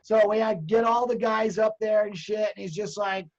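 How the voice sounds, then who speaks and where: High-voiced profane man telling a story. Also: normal speed, lo-fi sound. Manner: profane, animated, acts out quoted voices. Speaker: storyteller in a group chat. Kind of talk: casual storytelling.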